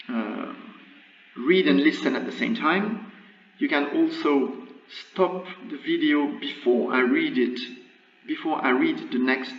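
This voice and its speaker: A man teaching Arabic letters in a recorded lesson, patiently drilling syllables one by one with frequent pauses and uhs. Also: medium pitch. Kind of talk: screen-recorded language lesson. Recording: echoey, distant, dull lo-fi room mic.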